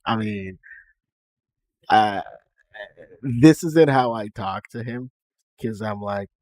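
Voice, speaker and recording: The speaker is a young Nigerian man using a put-on generic American-Canadian accent for a casual live-stream chat, self-amused and frequently laughing. His lowish, slightly mellow voice moves at a slow pace, and the recording is dry.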